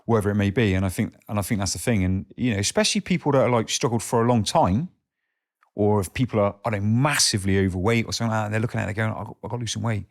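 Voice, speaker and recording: A man as a guest on a casual podcast chat, laid-back and sweary, dropping into hushed asides when quoting. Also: lowish voice, quick pace, vocal fry.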